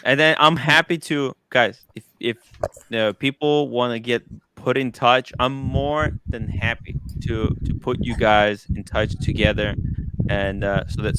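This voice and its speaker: A man's voice: mid-range voice, measured pace, noisy background. A man hosting a livestream, speaking earnestly in loose, rambling sentences. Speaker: host. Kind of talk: casual livestream chat.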